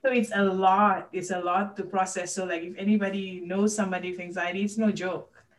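A woman's voice: medium pitch, flat delivery, fairly quick, slight background noise. Earnest woman, slightly distant mic. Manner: earnest, open about personal struggles. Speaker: podcast guest. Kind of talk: candid personal conversation.

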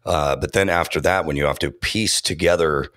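A man who works as a podcast producer and audio engineer, answering interview questions in a relaxed, thoughtful way with frequent fillers and restarts. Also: a bass voice, normal speed, dry recording, studio quality.

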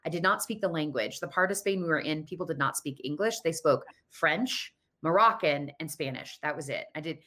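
Brief: thirties woman, lowish pitch, animated storyteller who acts out the voices. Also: brisk, hardly any pauses. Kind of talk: personal storytelling.

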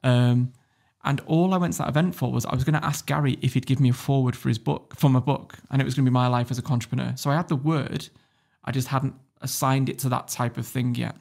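A man's voice: mid-range voice, fairly even intonation, quick pace, creaky, few pauses, darkish tone. A man telling a story as a podcast guest, blunt and swearing freely, laughing as he goes. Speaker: guest entrepreneur. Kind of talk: casual storytelling.

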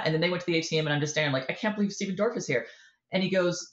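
A woman author in a casual interview, telling a lively story and acting out the voices in it. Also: on the low side, quick pace, roomy sound, highs cut off. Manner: animated storyteller, acts out quoted voices. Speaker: author guest.

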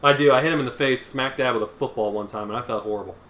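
A man's voice: mid-range voice, racing, a bit bright. A young man co-hosting a casual podcast, crude and teasing, recorded in a small apartment on a desk microphone a few feet away. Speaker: podcast co-host. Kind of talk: casual chat. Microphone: one shared desk mic about three feet away.

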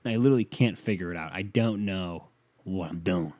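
A man's voice: sits low, brisk, a little mellow, dry recording. A young man hosting a solo podcast, ranting and rambling with lots of swearing. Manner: profane, rambling, exasperated. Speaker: podcast host. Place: bedroom. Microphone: leaning on the mic.

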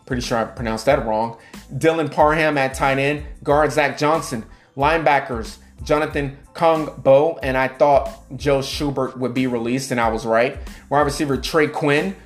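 A man hosting a casual sports podcast. He reads off player names and positions in a steady list, hesitates over hard names with "um", and drops in quick asides. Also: mid-range voice, soft background music. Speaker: podcast host.

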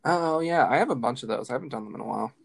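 Dry, teasing young woman with vocal fry. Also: very deep voice, expressive, very fast. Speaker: podcast co-host. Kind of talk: casual chat.

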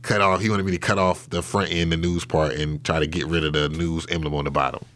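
A man's voice: low voice, fairly even intonation, quick pace, a bit bright, a little hiss or hum. A man being interviewed, telling a story in a loose, casual way with lots of fillers and swearing. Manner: loose and profane, with many fillers and restarts. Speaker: interview guest.

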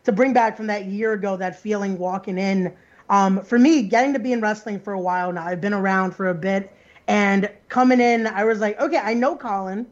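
A man's voice: sits high, fairly even intonation, brisk, muffled recording. A man co-hosting a wrestling podcast, speaking in a reflective, heartfelt way. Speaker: podcast co-host. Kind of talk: casual podcast chat.

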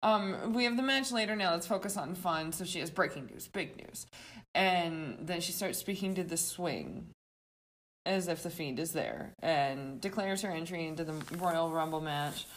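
Giggly woman recapping with animated asides. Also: lowish voice, normal speed. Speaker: podcast co-host. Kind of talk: casual recap chat.

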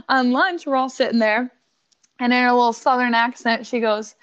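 A woman from Buffalo, New York, tells a story on a casual podcast, swearing freely and laughing often. Her voice sits fairly high. The recording is dull and lo-fi. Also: fairly bright tone.

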